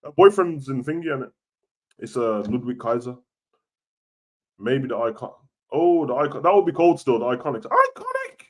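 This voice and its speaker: A young man, chatting casually about wrestling on a live stream, slangy and animated, getting loud and then dropping soft. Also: mid-range voice, normal speed, long pauses. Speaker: wrestling show host. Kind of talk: live-stream chat reading comments.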